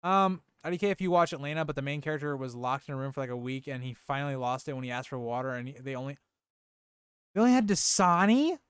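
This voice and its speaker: A young man casually reviewing a TV episode on a live stream, animated and exclamatory, peppering his talk with "like" and "dude". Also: medium pitch, fast talker, clean tone, dry recording, studio quality.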